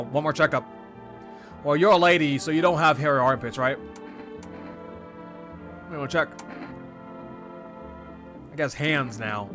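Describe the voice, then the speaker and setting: Gamer guy, bit high voice, lively and jokey, faint music behind. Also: unhurried, pauses often. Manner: animated, jokey, loud outbursts. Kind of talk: casual gameplay commentary.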